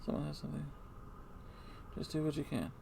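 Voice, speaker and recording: A man's voice: on the high side, expressive, a little fast, gravelly, noisy background. A man streaming live, rambling in a hesitant, mumbling, self-deprecating way.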